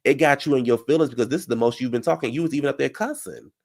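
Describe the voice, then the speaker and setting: Rapid-fire delivery, vocal fry, and a mid-range voice mark this man hosting a casual live reality-show recap. He rants with heat, replies to viewers' comments, and speaks straight to the cast.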